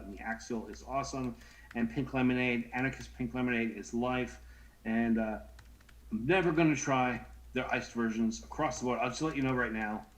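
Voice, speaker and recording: A man in his thirties telling a story in casual chat, animated and stammering, acting out voices as he goes. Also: mid-range voice, poor audio. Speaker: co-host.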